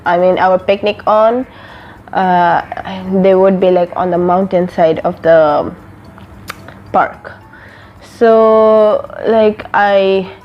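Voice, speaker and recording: A young woman from an Arab country tells a personal story at an unhurried, drawn-out pace, her words wandering through fillers and restarts. Her voice sits at an ordinary middle pitch. The recording is dull and a little lo-fi. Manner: rambling, filler-heavy, many "like"s and restarts. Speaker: vlogger. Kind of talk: casual storytime.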